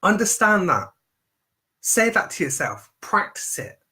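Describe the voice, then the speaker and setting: A man gives a motivational talk over a live stream, hammering points home through emphatic repetition. His voice is bright and forceful, pitched a little above the usual for a man. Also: very animated, a little slow. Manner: emphatic and repetitive, preaching self-affirmation. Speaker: mindset coach.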